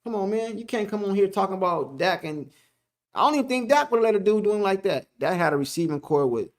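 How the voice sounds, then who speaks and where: A man's voice: sits high, animated, fast. A man hosting a casual sports live stream, reading the chat aloud, joking, laughing and repeating himself.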